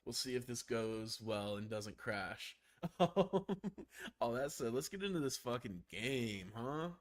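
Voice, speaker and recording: A man with a gravelly voice and a strained throat, casually talking through a game stream. He chats freely, swears often and laughs a lot. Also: mid-range voice, expressive, slow. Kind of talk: casual gameplay commentary.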